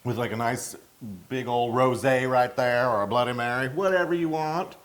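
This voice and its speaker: A man's voice: mid-range voice, fairly even intonation, moderate pace. A man co-hosting a cooking video, gushing and exclaiming as he tastes, laughing often. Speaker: cooking show co-host tasting the food. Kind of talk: casual cooking chat.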